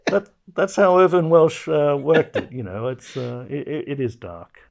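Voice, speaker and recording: A man's voice: fairly high pitch, sing-song, normal speed, vocal fry. A man hosting a comedy podcast, chatting in a wry, loose way with plenty of fillers. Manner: wry, hesitant with many fillers. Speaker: podcast host. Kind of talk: casual comedic podcast chat.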